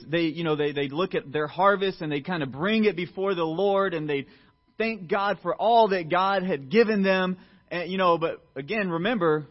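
Conversational male pastor, somewhat high voice. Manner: conversational, lots of fillers and asides; acts out quoted voices with big swings in pitch and loudness. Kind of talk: sermon. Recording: muffled lo-fi recording.

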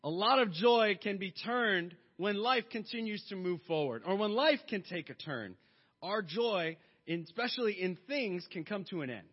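A man in his thirties preaching a sermon, mixing jokes and lively stories into his message. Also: sits high, moderate pace, breathy edge. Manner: joking, lively storytelling. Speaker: pastor. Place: church hall. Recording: long hall reverb, dull sound.

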